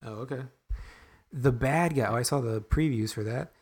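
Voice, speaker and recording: A man's voice: mid-range voice, normal speed, a little mellow, breathy edge. A young man co-hosting a podcast, talking in a rambling, self-deprecating way with frequent restarts. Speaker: podcast co-host. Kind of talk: casual podcast chat.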